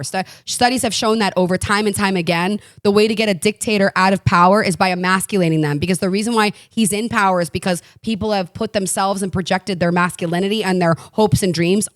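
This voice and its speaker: A woman talking as a podcast guest in casual chat, blunt and animated, swearing freely and laughing often. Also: mid-range voice, no room sound, clean studio sound. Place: Los Angeles.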